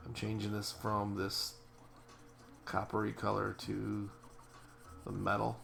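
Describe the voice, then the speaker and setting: A man's voice: fairly low pitch, completely flat delivery, slow, vocal fry, a bit bright. A man thinking aloud in a rambling, casual way as he paints a character digitally, often correcting himself mid-sentence. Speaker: digital artist.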